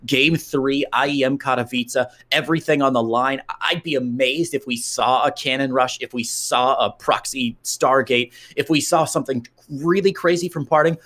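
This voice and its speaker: A man doing live esports commentary with excitable, jokey banter. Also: mid-range voice, normal speed, hardly any pauses.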